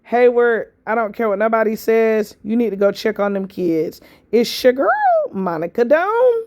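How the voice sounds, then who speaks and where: A woman's voice: on the high side, expressive, normal speed, lo-fi sound. Blunt woman lecturing in commentary. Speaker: reaction commentator. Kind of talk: scolding commentary.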